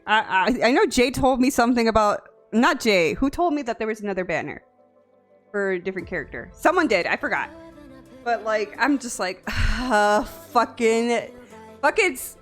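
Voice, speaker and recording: A young woman streaming from home, chatting casually and often breaking into laughter and playful whining. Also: fairly high pitch. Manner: giggly, excitable, lots of laughing and whining. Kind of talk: casual live-stream chat. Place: home room.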